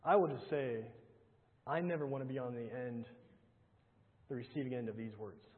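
Earnest preacher in a tinny echoing hall. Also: male voice, steady tone. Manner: earnest, emphatic preaching with rhetorical questions and repetition; reads scripture aloud, often dropping to a low, slow hush. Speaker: pastor. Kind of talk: sermon. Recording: tinny phone-like sound with long hall reverb.

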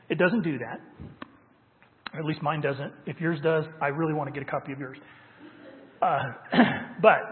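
A man preaching a sermon as pastor, emphatic and stressing key words. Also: fairly high pitch. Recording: tinny phone-like sound with long hall reverb.

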